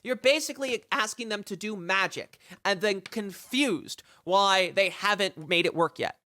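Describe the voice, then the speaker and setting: A streamer reading news reports aloud during a live commentary, breaking off into sarcastic, profane rants. The voice is bright and sharp at a middle pitch. The sound is dry and close, with no room around it. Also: a little slow, dry recording. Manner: reads passages aloud and reacts.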